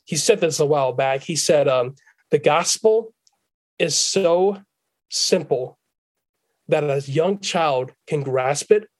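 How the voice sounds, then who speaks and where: A man who is a guest on a Christian podcast, speaking slowly and deliberately and stressing key words. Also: on the high side, low-quality recording.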